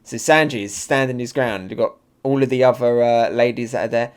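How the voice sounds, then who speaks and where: A man hosting a live comic reaction and review, excitable and thinking aloud with fillers. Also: medium pitch, fairly quick, clear, resonant tone. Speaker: manga reaction channel host.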